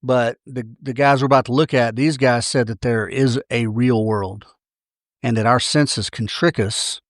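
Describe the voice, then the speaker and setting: A man's voice: mid-range voice, fairly even intonation, measured pace, no room sound. Man, Southern accent, podcast host, casual monologue, self-correcting, wry, dry close sound.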